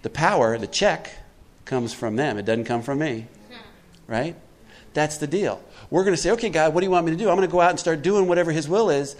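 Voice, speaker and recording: Emphatic man giving a recovery talk. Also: fairly high pitch. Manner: conversational and emphatic, asks the audience questions. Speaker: twelve-step recovery speaker.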